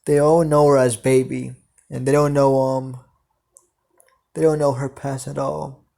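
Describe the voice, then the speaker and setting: Man, fan story narration, hesitant, slow, dark tone, flat pitch. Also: creaky. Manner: hesitant, many fillers.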